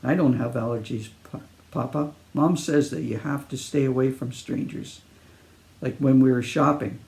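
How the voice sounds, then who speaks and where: A man's voice: medium pitch, steady tone, moderate pace, creaky, darkish tone, natural voice. A man voicing a curious little girl who worries at bedtime, asking her grandfather one question after another. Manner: questioning, childlike.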